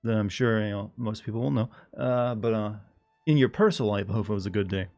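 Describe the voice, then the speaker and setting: A man's voice: on the low side, fast, a little mellow. A man streaming and chatting casually with his viewers, rambling and joking, now and then putting on silly voices. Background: faint music and air conditioning hum.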